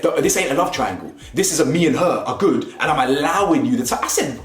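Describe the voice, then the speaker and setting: A young man, giving a slangy, animated casual review of a reality show and laughing often. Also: fairly high pitch, fast. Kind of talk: casual commentary. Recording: roomy echo, faint music.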